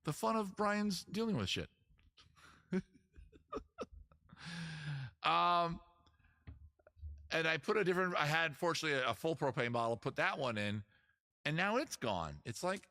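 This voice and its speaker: Guy hosting a live stream from his patio, bright voice, rambling jokes about his own mess. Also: a little high, animated, normal speed, long pauses, no room sound, studio quality. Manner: joking, rambling, self-mocking. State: out of breath. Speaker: livestream host, musician. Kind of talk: casual live-stream chat. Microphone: camera mic, moves away from it.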